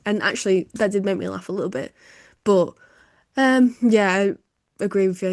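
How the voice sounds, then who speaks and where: A woman's voice: medium pitch, fairly even intonation, moderate pace, a little mellow, no echo, clean studio sound. A woman co-hosting a podcast, talking in an easygoing, casual way with hesitant fillers. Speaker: podcast co-host. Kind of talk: casual review chat.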